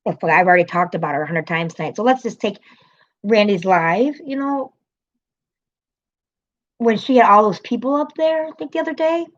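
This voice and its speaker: A woman chats loosely on her own livestream, her sentences full of restarts and her talk broken by laughter and swearing. Her voice sits at a middling pitch. The stream audio comes through dull and lo-fi. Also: fairly quick, long pauses. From American city. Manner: rambling, chatty, laughs often, swears. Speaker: livestream host. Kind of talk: casual livestream chat.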